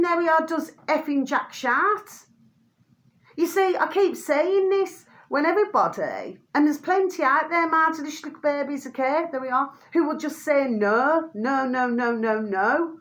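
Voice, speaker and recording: A woman's voice: high voice, expressive, normal speed, a bit bright. A middle-aged woman from the UK ranting to camera as a vlogger, blunt and fiery, swearing freely and repeating the same pet phrase. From United Kingdom.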